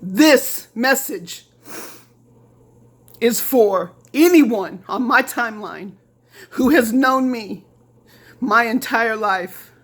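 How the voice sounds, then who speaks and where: A woman's voice: a little high, very slow, long pauses, a bit bright, husky. Heated, profane woman ranting on camera. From Lafayette, Indiana. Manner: heated, profane, repetitive, mocking quotes. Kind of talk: angry direct-to-camera rant.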